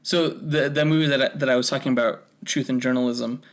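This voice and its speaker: A young man co-hosting a podcast, talking in a relaxed, conversational way and leading the topics. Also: mid-range voice, quick pace. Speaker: podcast co-host. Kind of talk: casual podcast chat.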